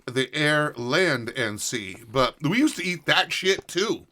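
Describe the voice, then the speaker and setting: A man's voice: on the high side, expressive, takes it slowly, crowd noise. A man in his fifties from Connecticut, a podcast co-host chatting in a laid-back, agreeable way. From Connecticut, USA. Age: 50s. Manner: laid-back, agreeable, often echoes others. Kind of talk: casual chat.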